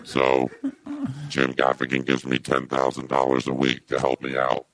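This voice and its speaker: A man doing a gruff crank caller who claims a burnt throat, speaking in a rock-bottom, gravelly rumble. The voice stays flat and monotone, deadpan and indignant. Music plays faintly behind. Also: moderate pace, dry recording. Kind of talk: comedy podcast bit.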